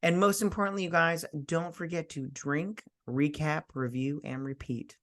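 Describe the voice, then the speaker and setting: A man co-hosting a casual movie podcast, laid-back and gushing, quick to laugh. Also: fairly high pitch, steady tone, a bit bright. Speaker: podcast co-host.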